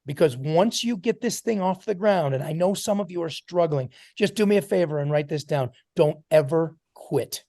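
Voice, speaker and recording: A man's voice: on the high side, normal speed, few pauses, mellow, no room sound, studio quality. A man giving an emphatic motivational talk to a sales team on a video call, calling on listeners by name.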